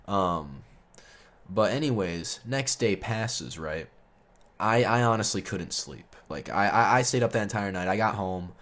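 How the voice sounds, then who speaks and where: A young man telling a casual storytime monologue, rambling and swearing, full of fillers, heating up when indignant. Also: deep voice. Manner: rambling, profane, heavy on fillers; gets loud and heated when indignant.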